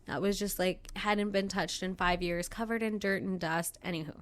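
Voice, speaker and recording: A woman's voice: medium pitch, fairly even intonation, normal speed. A woman co-hosting a casual podcast who jumps in and finishes her partner's sentences. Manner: chimes in, finishes the co-host's sentences. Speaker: podcast co-host. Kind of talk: casual chat.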